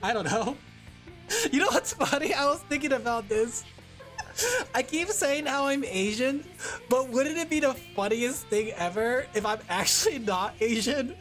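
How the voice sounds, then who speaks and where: A woman's voice: sits high, lively intonation, measured pace, a bit bright, faint music behind. A woman from California chatting casually on a livestream while drawing, rambling and laughing often. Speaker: VTuber streamer.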